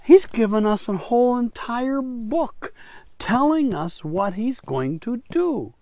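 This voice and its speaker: A man's voice: extremely high pitch, big pitch swings, takes it slowly, darkish tone, no echo. A man giving a short devotional message as a church pastor, in a conversational way with small restarts and playful asides.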